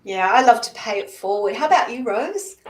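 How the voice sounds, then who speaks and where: A woman's voice: on the high side, animated, fairly quick. A woman hosting a live-stream psychic show, upbeat and chatty, reading out viewers' questions. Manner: upbeat, chatty, laughs at herself. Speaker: host. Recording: echoey room, faint noise.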